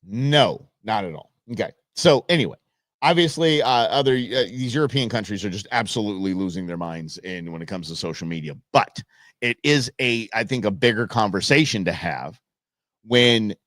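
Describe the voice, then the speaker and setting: A man's voice: lowish voice, expressive, moderate pace, dry recording. Blunt, rambling man host, dry sound. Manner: rambling, blunt, swings between loud and muttered asides. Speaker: talk show host. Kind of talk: casual opinionated monologue.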